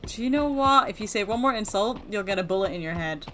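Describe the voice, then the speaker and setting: Woman, gaming host, playful commentary, bright crisp voice. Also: fairly high pitch, huge pitch swings, moderate pace, a little hiss or hum. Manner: playful, chatty, teasing. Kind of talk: game commentary.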